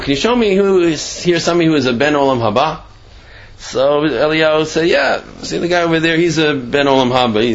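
A man telling a Torah story in a casual lecture. He acts out the quotes sudden leaps in pitch and rushed asides. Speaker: Torah class speaker. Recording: slightly dull lo-fi recording.

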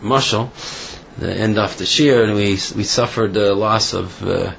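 Gravelly-voiced man giving a halting sermon. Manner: halting, with many fillers and restarts; acts out voices in the story with rising pitch. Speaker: rabbi giving a talk. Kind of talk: informal sermon with a parable. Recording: dull lo-fi recording with faint background noise.

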